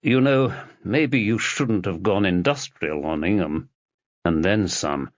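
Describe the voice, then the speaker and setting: A man's voice: low voice, takes it slowly, dry recording. A man voicing an awkward, fidgety male friend who speaks hesitantly and apologetically, in a dull lo-fi recording.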